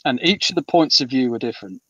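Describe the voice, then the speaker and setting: A British author in his fifties gives a casual interview in a husky, mid-range voice that is expressive, bright and forceful, talking fast. He rambles with many ums and restarts, and the recording is dry, muffled and distant.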